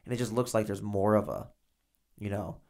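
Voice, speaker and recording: A man's voice: on the low side, fairly even intonation, fairly quick, vocal fry, darkish tone. A man co-hosting a podcast, telling loose, filler-heavy stories in casual chat. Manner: rambling, filler-heavy storytelling. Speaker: podcast co-host, former inmate.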